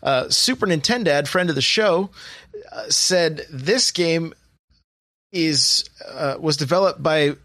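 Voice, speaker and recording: A man's voice: a little high, slow pace, a bit bright, dry recording, clean studio sound. A man hosting a casual podcast, reading off sale prices with lots of fillers and chat. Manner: chatty, reads sale prices with many fillers. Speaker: podcast host.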